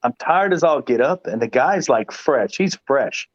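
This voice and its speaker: A man's voice: medium pitch, expressive, measured pace, no echo, muffled recording. A man, a guest pool player, telling a long story in casual chat, rambling and repeating himself with laughs.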